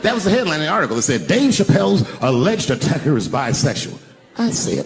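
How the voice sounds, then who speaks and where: A male stand-up comedian telling a story on stage, dropping to a hush and then shouting the punchlines. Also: a little high, sing-song, fast. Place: large theater stage with an audience. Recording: reverberant venue sound with crowd noise. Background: audience laughter.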